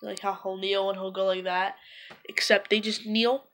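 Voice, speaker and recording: A woman talks straight to her camera in a casual, rambling way, leaning on "like" as she goes. Her voice sits at an ordinary middle pitch. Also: flat delivery, moderate pace, a bit bright. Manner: rambling, loose, full of "like". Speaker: vlogger.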